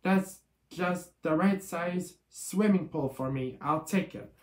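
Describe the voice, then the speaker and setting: A man reading as a tiny excited pet worm. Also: high voice, takes it slowly. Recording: echoey room with guitar music.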